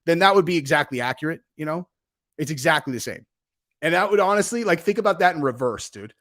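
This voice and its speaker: Dude rambling on his stream, kinda high voice, says dude a lot, gets loud then mumbly. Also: quick pace. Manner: rambling, loose, frequent "dude" and fillers; animated swings in loudness. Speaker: host. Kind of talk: casual livestream commentary.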